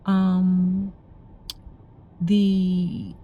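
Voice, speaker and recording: A woman's voice: lowish voice, completely flat delivery, drawn-out words, highs cut off. A woman telling a story casually to her camera, chatty and rambling, full of fillers and repeated "I said". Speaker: vlogger. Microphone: camera recording. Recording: loud background noise, vehicle sounds.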